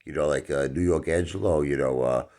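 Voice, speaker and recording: A man's voice: extremely low pitch, a little fast, dark tone. A middle-aged man telling a comic anecdote in a rambling way, full of fillers, acting out the quotes. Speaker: storyteller.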